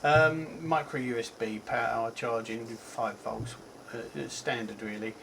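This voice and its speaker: A man's voice: mid-range voice, steady tone, unhurried, creaky, a bit bright, slight background noise, low-quality recording. A man with a Cockney accent giving a casual, rambling product review, chatty and full of ums and self-corrections. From England. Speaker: tech reviewer.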